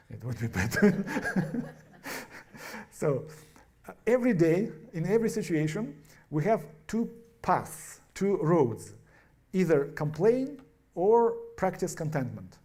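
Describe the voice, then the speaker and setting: A man, a pastor preaching a sermon in a church, halting and restarting words with many fillers. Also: a little high, sing-song, dark tone.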